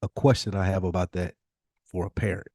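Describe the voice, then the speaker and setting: Southern man from Tennessee, deep-ish voice, slangy podcast co-host, dry mic. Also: fairly quick, dry recording. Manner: animated, slangy storyteller. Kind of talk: casual chat.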